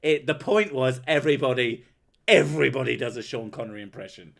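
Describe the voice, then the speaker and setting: A man's voice: mid-range voice, fairly quick, gravelly. A man hosting his own stream, swearing and joking his way through casual banter with friends. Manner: crude, swearing, joking loudly. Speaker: streamer and channel host.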